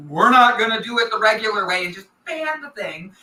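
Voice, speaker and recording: A man's voice: high voice, lively intonation, brisk, sharp tone. Playful man, roomy and off-mic. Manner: playful, teasing, rambling storyteller. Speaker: show guest. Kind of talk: joking live-show banter. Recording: roomy echo, distant from mic.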